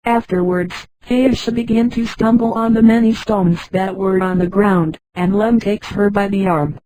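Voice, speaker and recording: A text-to-speech woman's voice narrating a story in a flat delivery, reading punctuation marks aloud. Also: mid-range voice, unhurried, no room sound, low-quality recording.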